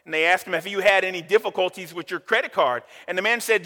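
A man's voice: sits high, quick pace, sharp tone, big-room sound. A pastor preaching a sermon with emphasis, putting rhetorical questions to the congregation and often stumbling and repeating his words.

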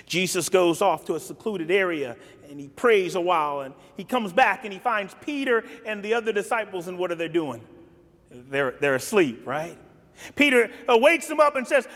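A male pastor preaching a sermon, telling the story dramatically and swinging from loud lines to hushed ones. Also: sits high, lively intonation, normal speed. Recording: long hall reverb.

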